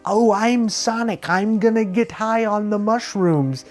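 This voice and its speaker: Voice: mid-range voice, a little slow, voice pushed up, lightly acted. A vlogger putting on a crude, cocky voice for a cartoon hedgehog in a joke parody, in mock broken English over faint background music.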